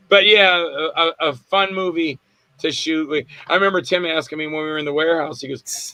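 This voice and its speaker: A man with a bright, slightly high voice, recorded dry and close. He rambles through anecdotes on a video call, acting out who said what. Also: fairly even intonation, a little fast, dry recording, poor audio. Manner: rambling anecdotes with acted-out quotes and laughs. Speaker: actor guest. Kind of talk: casual storytelling interview.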